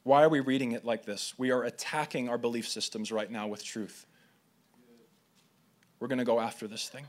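A man's voice: medium pitch, steady tone, moderate pace, pauses often. A man preaching a sermon to a gathering, reading scripture aloud and sometimes stumbling over his words before trying again. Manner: reads scripture aloud, with slips and restarts.

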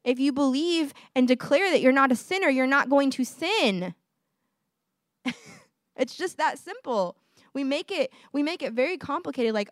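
A woman's voice: high voice, animated, moderate pace, no room sound, clean studio sound. A young woman giving a casual sermon in a conversational way, laughing often and using lots of fillers. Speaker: preacher.

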